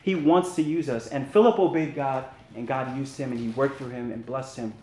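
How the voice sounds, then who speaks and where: A man's voice: mid-range voice, fairly even intonation, fairly quick, a little mellow, reverberant, slight background noise. A man leading a men's Bible study, preaching earnestly in a conversational way and asking his listeners to respond. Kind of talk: sermon.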